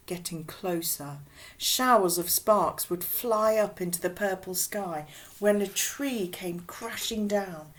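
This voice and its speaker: Slow, expressive woman storyteller. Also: mid-range voice. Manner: unhurried, expressive reading. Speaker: audiobook reader. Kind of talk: storybook narration.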